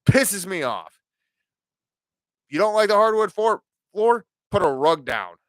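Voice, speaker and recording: A man's voice: high voice, very animated, unhurried, dry recording. A man in his forties hosting a podcast, telling stories in a casual, profane, ranting way. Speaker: podcast host.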